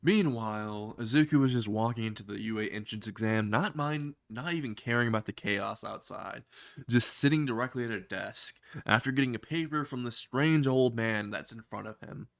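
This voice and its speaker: A man's voice: mid-range voice, moderate pace, vocal fry, fairly bright tone, no room sound, clean studio sound. Man telling a rambling comedy story. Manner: laughing at his own jokes, rambling. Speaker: narrator.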